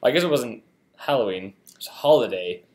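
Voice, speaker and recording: A man's voice: medium pitch, lively intonation, brisk, a little mellow, reverberant. A man co-hosting a casual game livestream, joking around and rambling playfully. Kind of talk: casual chat.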